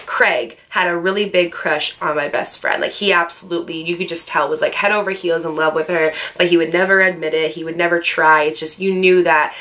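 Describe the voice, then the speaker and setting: A woman's voice: lowish voice, steady tone, a little fast, hardly any pauses, fairly bright tone. A woman in her twenties telling a personal story to her viewers, candid and profane, with lots of "like". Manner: candid, profane, heavy filler "like". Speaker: storytime vlogger. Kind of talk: casual storytelling.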